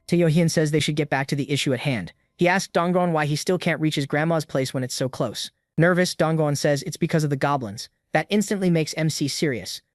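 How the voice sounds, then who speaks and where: A man narrating a comic story recap in a steady, even storytelling manner, recorded close to the mic. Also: on the high side, no echo.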